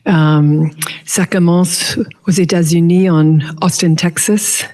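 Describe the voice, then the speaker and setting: A woman in the audience asking a question at a lecture, pausing often to search for words. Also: lowish voice, fairly even intonation, warm tone. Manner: searching for words, many fillers.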